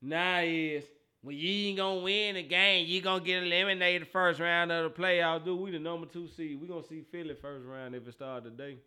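High bright-sounding guy doing a sports talk rant, aave, teasing, repeating himself, laughing a lot. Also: fairly even intonation, brisk.

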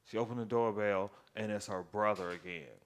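Profane, animated man recapping a show. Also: fairly low pitch, moderate pace. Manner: profane, animated storytelling with acted-out quotes. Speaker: podcast co-host.

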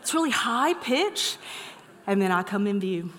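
A middle-aged woman preaching a sermon, moving from lively storytelling to soft, earnest encouragement. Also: mid-range voice, unhurried, a little hiss or hum. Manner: animated storytelling, then soft earnest exhortation. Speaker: pastor. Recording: long hall reverb.

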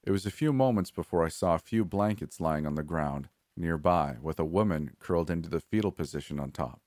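A man giving a measured, steady scripted narration of a horror story. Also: sits low, no echo, studio quality.

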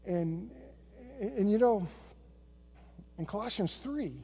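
Middle-aged male pastor, high and mellow voice, chatty storytelling sermon, hall reverb. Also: expressive, slow, husky. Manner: conversational storytelling preaching. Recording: long reverb of a large hall.

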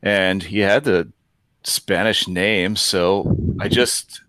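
A man's voice: sits low, steady tone, slow pace, a bit bright, no room sound. A man who runs the game, talking through his thinking in a casual podcast discussion, often restarting his sentences. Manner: thoughtful, with many restarts. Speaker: game master and podcast co-host.

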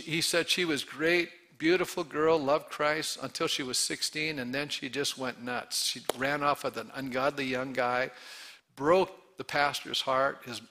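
Gravelly, bright-toned preacher man. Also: on the high side. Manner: rises to loud emphatic calls and drops to hushed storytelling; asks the congregation questions. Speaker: pastor. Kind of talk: sermon.

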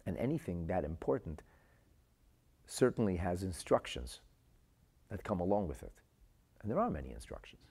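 A low, mellow male voice gives a religious lesson as an earnest story. His voice is slightly husky, and his pitch rises and falls widely. He often repeats words to stress them. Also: sing-song, normal speed, long pauses. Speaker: Torah teacher.

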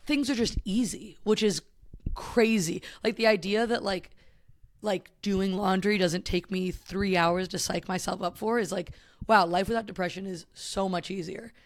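A man's voice: high-pitched, steady tone, moderate pace. A man co-hosting a casual comedy podcast, talking in loose rambling sentences full of "like". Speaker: podcast co-host.

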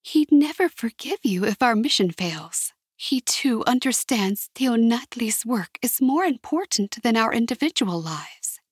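A commanding woman leader gives firm, urgent orders, as a woman reads her. Her voice is slightly husky, close and dry, with no room around it. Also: a little high, lively intonation, measured pace, few pauses, dry recording.

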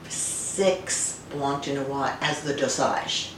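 A woman's voice: a bass voice, takes it slowly. A middle-aged woman winemaker, a guest telling family stories in a casual interview, with many fillers and restarts. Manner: warm storytelling with frequent fillers and restarts. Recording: roomy and distant, faint noise.

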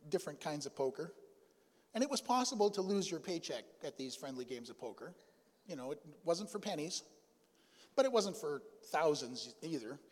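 A man preaching from the pulpit in a relaxed, folksy storytelling way, full of asides and pauses. His voice sits fairly high for a man. The sound rings out with a long reverb through a big church hall. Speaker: pastor. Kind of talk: storytelling sermon. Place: church sanctuary.

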